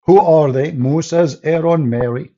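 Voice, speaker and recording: A man's voice: on the high side, unhurried, mellow, dull audio. A man speaking non-native English with broken grammar, delivering mocking, emphatic religious polemic and often laughing scornfully. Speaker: religious debater.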